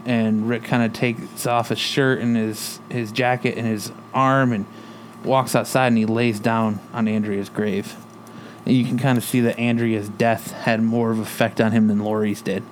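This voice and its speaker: A man's voice: fairly low pitch, flat delivery, moderate pace, a little hiss or hum. A man casually retelling a TV episode, swearing freely and quoting characters' lines. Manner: loose, profane retelling with quoted lines. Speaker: podcast co-host recapping a TV episode. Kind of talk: casual chat.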